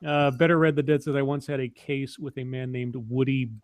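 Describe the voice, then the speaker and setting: A man's voice: mid-range voice, fairly even intonation, brisk, a little mellow, no echo. Chatty man telling stories, dry sound. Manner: chatty storyteller with many restarts and fillers. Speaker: podcast co-host. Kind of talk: casual chat, storytelling.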